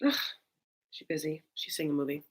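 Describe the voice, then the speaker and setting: A woman's voice: deep voice, level tone, brisk. A young woman hosting a casual livestream, rambling with lots of fillers and gushing thanks to her viewers. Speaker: host of a live recap stream.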